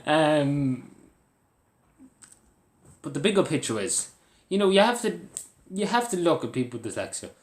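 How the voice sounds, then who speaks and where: A man's voice: fairly high pitch, sing-song, quick pace, hardly any pauses. Rambling Irish man in an echoey room. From Ireland. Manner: rambling, earnest, with many fillers and restarts. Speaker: vlogger. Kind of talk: casual talk to camera.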